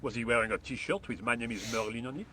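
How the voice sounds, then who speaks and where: A man's voice: mid-range voice, fast, bright, forceful tone, natural voice. An actor playing a lazy, indifferent workman with a French accent, speaking in a dry, languid, sarcastic way in a video game.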